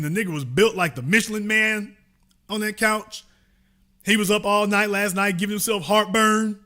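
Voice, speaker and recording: Man, host, casual commentary, bright forceful voice, a little high. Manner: folksy, teasing, drawn-out remarks. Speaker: show host.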